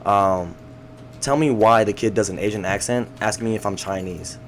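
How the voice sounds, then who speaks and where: A young man co-hosting a casual podcast, his voice sitting a little low. He tells stories in a loose, slangy way, swearing freely. A faint hiss of noise runs under the recording. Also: normal speed. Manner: laid-back storytelling, heavy slang and swearing. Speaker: podcast co-host. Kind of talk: casual chat.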